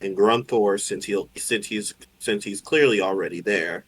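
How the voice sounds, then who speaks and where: A man playing a tabletop game, thinking aloud with hesitant pauses. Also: fairly low pitch, husky. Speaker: player. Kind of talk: casual tabletop play.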